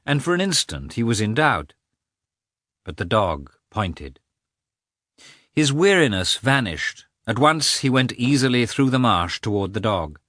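A man reading a novel aloud as an audiobook narrator, with expressive, shifting inflection. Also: dry recording, studio quality. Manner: reads with lively, expressive inflection, lifting pitch for characters' shouts. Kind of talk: scripted narration.

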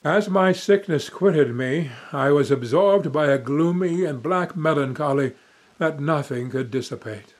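Narrator: young man, slightly high-pitched, dramatic emotive reading of a classic novel. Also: a little slow. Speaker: audiobook narrator. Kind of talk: first-person audiobook narration.

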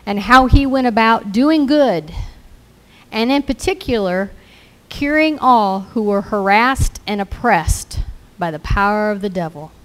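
A woman's voice: mid-range voice, expressive, unhurried. A woman preaching a sermon in an earnest way, repeating scripture lines as declarations.

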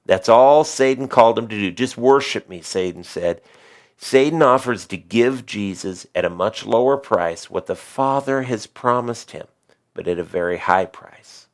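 A middle-aged man preaching a sermon as pastor, rising on key lines and dropping to quiet asides. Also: on the low side, expressive, normal speed.

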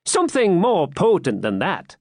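Male reader as a sly, mocking jester, pitched up, lively, dry. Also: normal speed, dry recording, exaggerated voice. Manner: sly, teasing.

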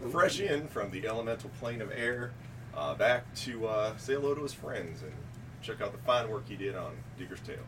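Man, jokey player, lively intonation, distant mic, noisy room. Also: fairly low pitch, brisk. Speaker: tabletop game player. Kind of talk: casual in-character banter.

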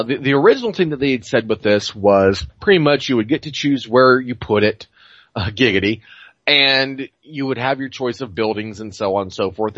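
A man's voice: medium pitch, fairly bright tone, dry recording. A man chatting on a gaming podcast. He rambles and swears, stacks up fillers and restarts, and sounds dull and close on a dry, lo-fi home mic. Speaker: podcast co-host. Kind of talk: casual gaming podcast chat.

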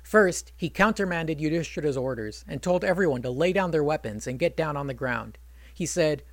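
A man's voice: on the high side, lively intonation, normal speed, dry recording. Chatty male storyteller with wry asides. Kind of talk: casual storytelling retelling.

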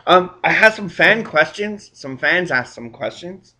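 A man's voice: high voice, expressive, unhurried, pushed and bright. A man hosting a casual interview, upbeat and encouraging, with lots of short affirmations. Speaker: interview host.

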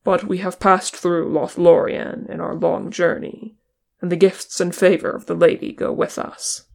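Reader doing calm ranger leader, grave man, slow, very gravelly, audiobook. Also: medium pitch. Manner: calm, measured. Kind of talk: audiobook character reading.

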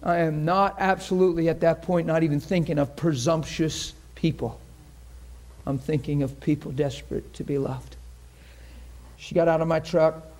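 A man's voice: a little high, steady tone, moderate pace, darkish tone. A man preaching a sermon to a congregation, telling a story in an earnest, conversational way and acting out the voices of the people in it. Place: church in front of a congregation.

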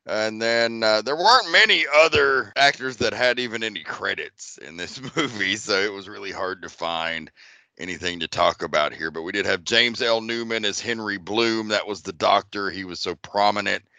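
A man's voice: lowish voice, normal speed, pushed and bright, no echo. A man hosting a movie podcast, running through the cast and credits in a laid-back, profane casual chat. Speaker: podcast host.

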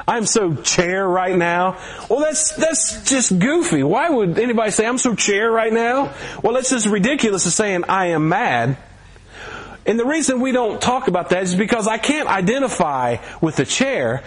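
A middle-aged man preaching a sermon in a church, talking in a conversational way and lifting his voice for emphasis. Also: a little high. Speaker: pastor. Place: church sanctuary.

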